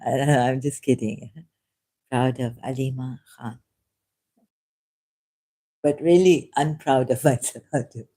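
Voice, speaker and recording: Woman on a livestream, low mellow voice, halting, keeps correcting herself. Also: steady tone. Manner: halting, self-correcting, with frequent laughs. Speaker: livestream host. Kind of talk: unscripted livestream commentary.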